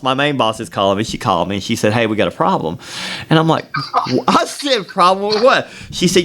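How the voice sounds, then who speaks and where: Animated, laughing male podcast host. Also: medium pitch. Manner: animated, laughs often while telling a story; rambling, with many restarts. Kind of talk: casual storytelling chat.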